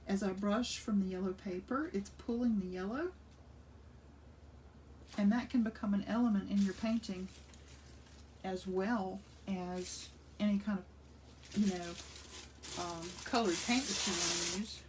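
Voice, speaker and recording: A woman's voice: medium pitch, unhurried, far from the mic. Chatty older woman demonstrating collage. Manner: chatty and enthusiastic, thinking aloud while working. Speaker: art instructor. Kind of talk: casual craft demonstration. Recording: voice slightly off-mic with faint room noise.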